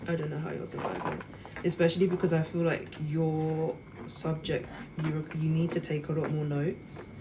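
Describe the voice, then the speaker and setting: A young woman in her twenties, chatting casually to viewers while she cooks. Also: deep voice. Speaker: student vlogger. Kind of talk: casual chat while cooking. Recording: loud background noise.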